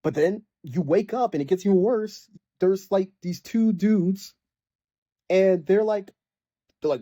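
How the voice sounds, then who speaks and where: Speaking a little slowly in a high-pitched, mellow voice, a young man casually rants about a video game. He rambles with lots of fillers and mocks the characters in exasperated bursts, and there's no echo.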